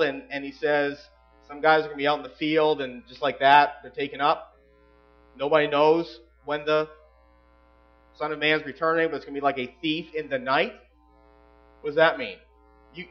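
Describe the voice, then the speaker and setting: A man preaching a sermon as pastor, emphatic, swinging between loud passages and hushed asides. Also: fairly high pitch, muffled recording.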